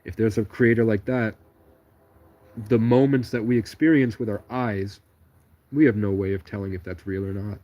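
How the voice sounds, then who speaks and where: Alone on a livestream, a man rambles through digressive, stream-of-consciousness stories. His voice is lowish and fairly even, at normal speed, with lo-fi sound.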